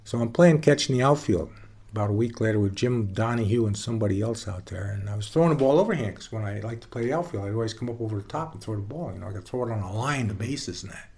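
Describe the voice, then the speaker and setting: A man being interviewed, telling stories from his years as a baseball pitcher in a relaxed, folksy way with some plain swearing. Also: fast, husky. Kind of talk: casual storytelling interview.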